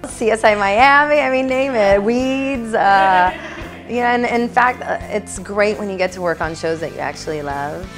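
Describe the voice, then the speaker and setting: Bubbly, laughing actress over music. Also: female voice, medium pitch, moderate pace. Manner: bubbly, laughs often, playful asides. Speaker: actress interviewee. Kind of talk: casual interview answers. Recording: music playing behind.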